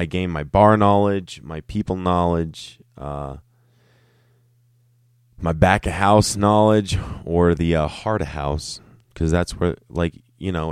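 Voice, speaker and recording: A man's voice: low-pitched, a little mellow, clear, resonant tone, no echo, studio quality. A man telling a casual, profane, rambling story about his years working as a restaurant server. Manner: rambling, self-interrupting, laughing asides.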